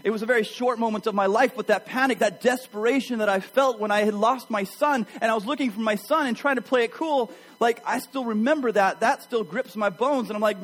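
Pastor guy preaching, pretty high voice, lively storytelling to the church. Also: a little fast, rough recording. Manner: animated storytelling, addresses the congregation. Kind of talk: sermon.

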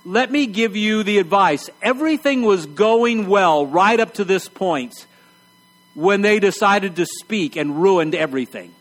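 Middle-aged male preacher, high voice, conversational and blunt, wry humor, hushed emphasis. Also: animated, unhurried. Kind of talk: sermon.

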